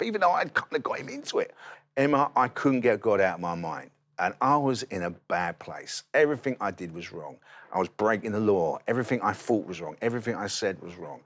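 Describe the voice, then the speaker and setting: A man's voice: medium pitch, expressive, fairly quick, fairly bright tone. Man telling his story. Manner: vivid storyteller who acts out quoted dialogue. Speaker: interview guest sharing his testimony. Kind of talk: conversational testimony storytelling.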